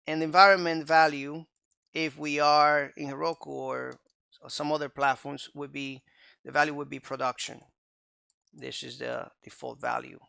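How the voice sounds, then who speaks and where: Bright, gravelly-voiced male coding instructor. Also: on the high side, little pitch movement, moderate pace, no room sound, clean studio sound. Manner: conversational, checks in with "okay?" and "right?". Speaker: programming instructor. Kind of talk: screencast coding tutorial.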